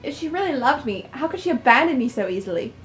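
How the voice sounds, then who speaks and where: A woman's voice: high voice, expressive, fairly quick, soft background music. A woman voicing an earnest young man, the hurt adopted son, in a pleading, wounded way.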